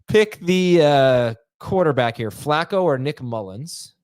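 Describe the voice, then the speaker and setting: A man hosting a casual podcast chat, reading listener emails aloud and talking in quick, halting bursts. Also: fairly high pitch, animated, a little mellow, no echo, studio quality.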